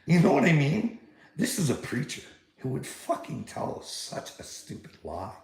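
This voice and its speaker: A man's voice: fairly high pitch, wildly swooping pitch, unhurried, gravelly, echoey room. A man ranting angrily in a heated vlog monologue, swearing constantly as he retells a confrontation. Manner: angry, heated, swearing a lot. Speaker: vlogger.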